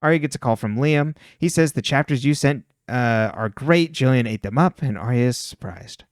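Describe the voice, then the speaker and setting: Smooth-voiced man recapping a plot. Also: medium pitch, moderate pace, dry recording, clean studio sound. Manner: recaps plot in a plain, wry tone and laughs often. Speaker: podcast co-host recapping episodes. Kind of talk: casual chat, reading a plot recap.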